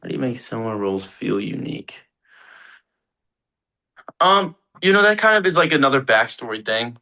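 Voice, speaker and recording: A man's voice: medium pitch, sing-song, moderate pace, bright, forceful tone. A young man, an actor, chatting casually in an interview, rambling and laughing as he tells set stories. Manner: laid-back, rambling, laughs often, swears casually. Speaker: actor guest.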